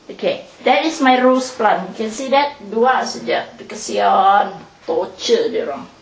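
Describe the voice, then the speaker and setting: A woman's voice: mid-range voice, unhurried, gravelly. A woman with a Malaysian English accent giving a casual tour of her small apartment, chatty and laughing at herself, recorded on a handheld camera. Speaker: vlogger giving a home tour. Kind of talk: casual home video tour. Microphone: handheld camera mic. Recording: echoey room on camera mic.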